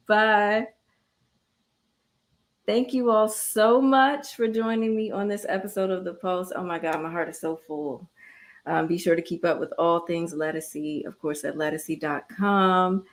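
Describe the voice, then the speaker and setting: Effusive woman radio host, lowish voice. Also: fairly even intonation, unhurried. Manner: effusive, laughs often. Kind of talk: radio interview and sign-off.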